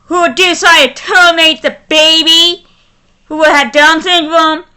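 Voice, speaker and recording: A woman with a high, bright voice rants angrily to camera, stumbling and restarting her sentences. She speaks slowly and deliberately despite her fury. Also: fairly even intonation. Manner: furious, halting, with many restarts. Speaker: vlogger. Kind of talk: angry ranting vlog.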